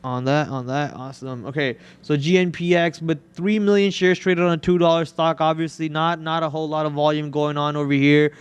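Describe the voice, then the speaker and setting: Male trading-show host, smooth, somewhat high voice, loose joking delivery with restarts. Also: steady tone, fairly quick, few pauses, no echo. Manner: joking, rambling, repeats words. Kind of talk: casual live trading chat.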